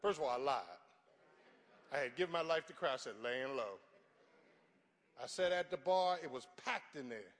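An older man preaching a sermon, telling stories from his life and rising to fervent shouts. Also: medium pitch, animated, normal speed, pauses often, in a large hall. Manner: storytelling, builds to fervent shouting.

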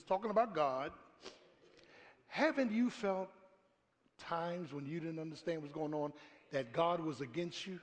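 A middle-aged pastor preaching a sermon, telling stories and calling out to his congregation, sometimes shouting. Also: fairly high pitch, a little slow, pauses often. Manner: storytelling preacher, shouting at climaxes, talks to the congregation. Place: church hall before a congregation. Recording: live church recording with long reverb.

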